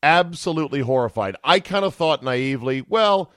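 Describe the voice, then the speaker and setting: A man hosting a sports podcast, talking casually with a wisecracking, profane, animated manner. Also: on the low side, normal speed, no room sound, studio quality. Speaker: podcast host.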